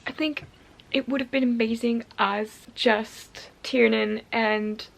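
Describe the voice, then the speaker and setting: A woman chatting through a casual book vlog diary. Her voice sits a little high. She laughs often and slips into hushed whispers when her feelings run high. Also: fairly even intonation, slow pace, gravelly. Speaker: book vlogger.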